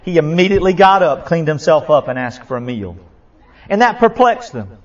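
A male pastor preaching a sermon, impassioned and repetitive, swinging from loud to hushed. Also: on the high side, animated, normal speed. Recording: dull lo-fi sound.

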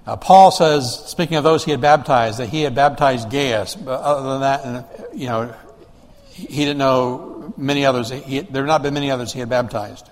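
A man's voice: mid-range voice, in a large hall. A man preaching a sermon in a conversational way, asking the congregation rhetorical questions and often restarting his sentences. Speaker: pastor.

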